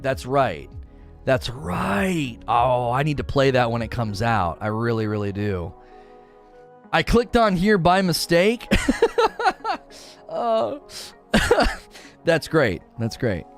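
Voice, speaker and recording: A man in his thirties chatting casually on a live stream, answering chat with frequent laughter and playful asides. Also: mid-range voice. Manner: animated, laughs often, slips into playful character voices.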